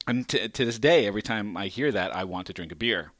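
A middle-aged man with a bright, forceful voice, recorded close and dry, spinning a comic family story. He swings up into loud, high bursts when he acts out what people said. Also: fast talker, hardly any pauses, no echo. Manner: animated, acts out quotes with big pitch jumps. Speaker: podcast co-host. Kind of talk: casual comedic storytelling.

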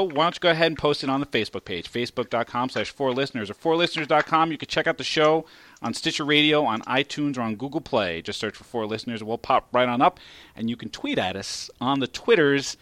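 A man's voice: on the high side, animated, fast, a bit bright, soft background music. A man hosting a casual podcast, laughing often and swearing freely as he chats. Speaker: podcast host.

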